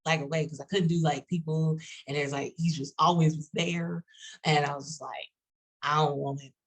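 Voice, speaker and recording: A woman from Texas with a Texas accent, talking casually on a panel in a halting way with many restarts and fillers. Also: low voice, fairly even intonation, husky, low-quality recording.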